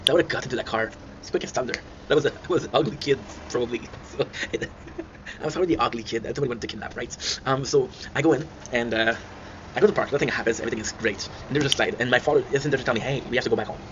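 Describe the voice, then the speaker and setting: A man's voice: medium pitch, rapid-fire. A man telling rambling childhood stories to his viewers, often breaking into laughter. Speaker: channel host. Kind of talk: casual storytelling. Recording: dull lo-fi sound with clear noise.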